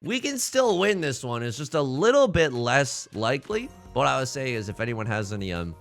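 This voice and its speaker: A young man commentating his own game with a lively, swooping voice and a bright, forceful tone. He jokes his way through each move and talks straight to his rivals on screen. Music plays quietly behind him. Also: mid-range voice, moderate pace. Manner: animated, jokey, talks to opponents on screen. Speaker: let's play host.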